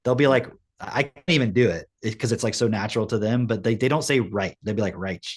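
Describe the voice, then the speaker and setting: A man in a casual reaction chat who gets animated, jumping up in pitch as he makes a point and swearing offhandedly. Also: fast, slightly rough. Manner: animated, rises sharply in pitch when making a point; swears casually, rhetorical questions. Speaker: co-host.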